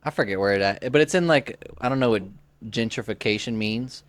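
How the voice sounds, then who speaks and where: A man's voice: medium pitch, fairly quick. A man in his twenties, a podcast co-host, telling a story in a rambling casual way with lots of "like" and restarts. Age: 20s. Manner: rambling, heavy use of "like", frequent restarts.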